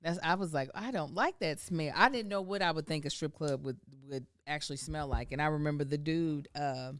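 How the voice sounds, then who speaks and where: A woman co-hosting a casual podcast, chatting and teasing as she tells stories. Her voice sits a little low and comes across smooth and clear. The sound is dry and close. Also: fairly quick, no echo. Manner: chatty storyteller, teasing and laughing. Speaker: podcast co-host. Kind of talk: casual chat.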